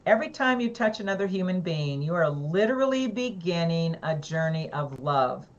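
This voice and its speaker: A woman co-hosting a casual talk show, earnest and reflective, unhurried. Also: lowish voice, lively intonation, highs cut off. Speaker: co-host. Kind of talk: casual chat.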